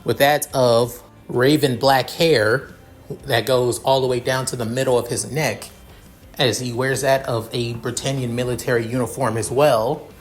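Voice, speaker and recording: A man's voice: mid-range voice, steady tone, measured pace. Guy narrating a fan story off the cuff, lots of restarts, faint music. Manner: rambling, many restarts.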